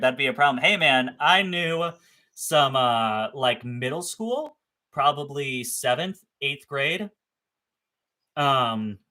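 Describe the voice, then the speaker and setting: A man's voice: medium pitch, sharp tone. A young man chatting casually on a livestream about his reptiles, rambling, swearing freely and laughing at himself. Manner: rambling, profane, self-deprecating. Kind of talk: casual live-stream chat.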